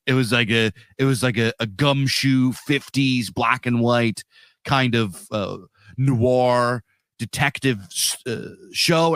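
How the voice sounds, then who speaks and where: A man's voice: mid-range voice, fairly bright tone, dry recording. A man hosting a podcast, telling a film story in a rambling, casual way with lots of fillers. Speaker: podcast host. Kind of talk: casual film-review chat.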